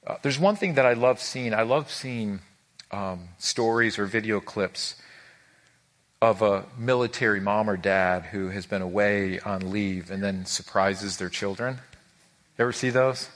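A man's voice: on the low side, unhurried, fairly bright tone. A man preaching a sermon to a live congregation, earnest and emphatic, rising on key words and stumbling over repeated words when moved. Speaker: pastor. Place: before a live congregation with a screen.

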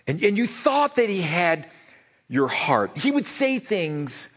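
Casting: middle-aged man, pastor giving a chatty, humorous sermon; lively, expressive pitch. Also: slow. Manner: conversational, joking, repeats words when starting sentences.

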